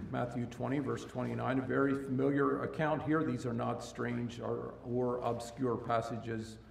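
Gravelly preacher in an echoey church. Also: male voice, flat delivery, measured pace, slight background noise. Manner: swings between loud emphatic rises and quiet low passages; restarts and repeats words. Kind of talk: sermon. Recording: echoey room, mic at a distance.

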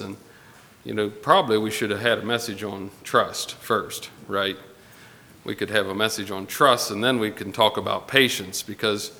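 A man preaching a Sunday morning sermon to his congregation, unhurried and pausing often with fillers. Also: on the low side, bright, forceful tone. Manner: unhurried, pausing with fillers, reading scripture aloud. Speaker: pastor. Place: church sanctuary. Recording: long hall reverb with faint ambience.

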